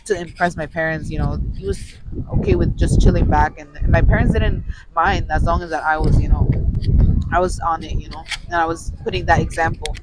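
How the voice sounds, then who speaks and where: A woman's voice: low-pitched, animated, a little fast. A young woman chats casually on a podcast mic, rambling and restarting her sentences as she retells family arguments. There is a faint hiss of noise behind her voice. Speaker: podcast co-host. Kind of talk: casual chat. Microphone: studio mic.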